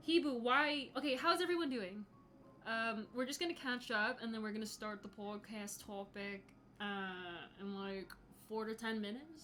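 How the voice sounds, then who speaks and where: A woman's voice: fairly high pitch, sharp tone, slight background noise. A young woman in her twenties hosting a casual livestream from home, chatty and swearing freely as she greets chatters by name. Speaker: podcast host live-streaming to chat.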